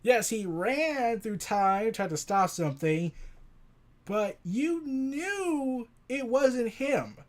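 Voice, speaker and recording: Brief: a chatty comic reviewer, lively pitch swings, rambling and jokey. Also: slow. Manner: rambling, animated, joking. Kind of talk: casual comic recap. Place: home recording setup.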